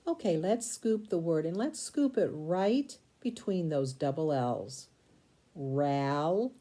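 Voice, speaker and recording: Woman, spelling teacher, low voice, unhurried, sounds out syllables one by one. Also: sing-song, mellow. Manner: slow, deliberate, sounds out syllables and spells letter by letter. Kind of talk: recorded spelling lesson.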